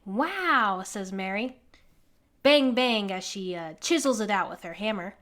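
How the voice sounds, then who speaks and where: A woman reading a children's picture book aloud in an animated way, pointing out the pictures with small laughs. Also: mid-range voice, unhurried. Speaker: conservation group organizer reading to children.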